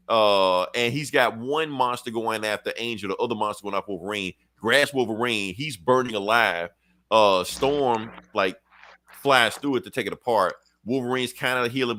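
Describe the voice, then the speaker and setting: A man co-hosting a podcast, casually recapping a comic with profanity, laughing and acting out characters' lines. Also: on the low side. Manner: animated retelling, acts out characters' lines, profane, laughs often. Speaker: podcast co-host.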